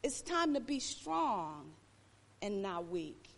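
A woman preacher delivering an emphatic, repetitive sermon, swinging between loud and soft. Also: mid-range voice, very animated, slow pace. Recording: long hall reverb.

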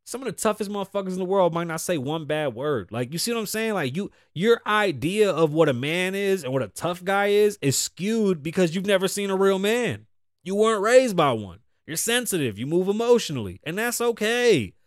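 A middle-aged man hosting a podcast, ranting bluntly with constant cursing, swinging from loud outbursts to low mutters. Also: animated, normal speed, dry recording, clean studio sound. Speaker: podcast host. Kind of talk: profane opinion rant.

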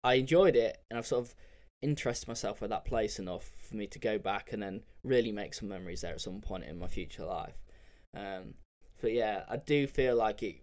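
A man's voice: lowish voice, a little mellow. A young man, telling travel stories on his podcast in a loose, candid, sweary way with lots of fillers. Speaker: podcast host. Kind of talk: casual solo storytelling.

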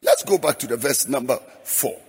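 A man's voice: mid-range voice, expressive, moderate pace, darkish tone, slightly rough. A middle-aged man preaching a sermon in a rhythmic, half-sung style. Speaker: pastor. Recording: long hall reverb, faint music behind.

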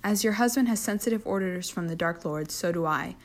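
A woman's voice: on the low side, fairly quick, lightly acted. A woman reading a sly, leering older nobleman. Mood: smirking. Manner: smooth and smirking.

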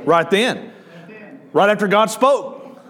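Man, Southern accent, pastor preaching a sermon, high voice, chatty, asks the crowd questions. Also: expressive, slow, fairly bright tone. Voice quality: conversational, asks the audience questions.

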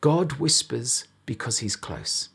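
A man delivering a sermon with a husky, breathy edge to his voice. He retells the story in a relaxed, conversational way and speaks straight to the people listening, at a mid pitch. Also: slow. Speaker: preacher.

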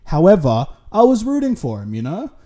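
A man's voice: high-pitched, wildly swooping pitch, brisk, warm tone. A man with an Australian accent hosting a solo podcast, rambling through a casual, sweary monologue full of tangents. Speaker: podcast host.

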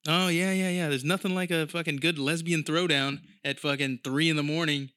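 A man's voice: fairly high pitch, fairly even intonation, a little fast, pushed and bright, clear, resonant tone, no echo. Profane, rambling man on a dry mic. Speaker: podcast host. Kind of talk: casual monologue.

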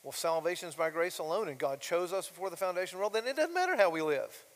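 Male pastor, high-pitched, emphatic sermon delivery, long reverb of a church hall. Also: animated, racing. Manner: emphatic, rhetorical questions to the congregation. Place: church sanctuary.

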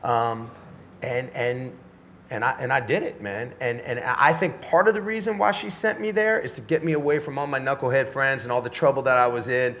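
Forceful, animated middle-aged man telling stories. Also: medium pitch, a little fast, a little hiss or hum. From United States. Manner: animated, profane, street-style slang. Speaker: podcast guest. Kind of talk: casual storytelling interview.

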